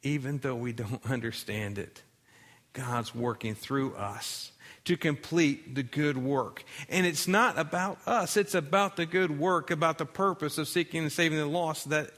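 Bright-voiced male pastor preaching. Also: medium pitch, long reverb tail. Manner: conversational preaching, dramatic quoting. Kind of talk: sermon.

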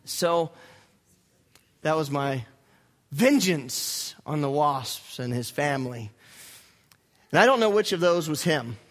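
A young adult man, a pastor, telling a story in a sermon with animated, self-mocking humor. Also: on the high side, slow pace, long pauses.

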